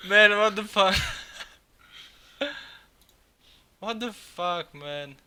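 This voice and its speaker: A young man live-streaming, reacting in excitement, swearing a lot and laughing often. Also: high voice, extremely slow, pauses often, smooth.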